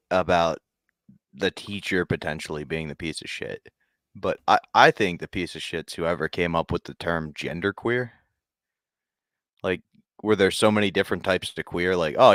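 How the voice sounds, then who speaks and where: A man's voice: sits low, fairly bright tone, no echo. A man co-hosting a comedy podcast, trading crude jokes in a dry, casual way. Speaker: podcast co-host.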